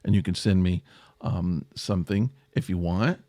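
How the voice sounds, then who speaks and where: A middle-aged man hosting a casual solo podcast, rambling and self-deprecating, jumping up in pitch for emphasis. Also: normal speed, warm tone, no room sound, clean studio sound. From American South. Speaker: podcast host.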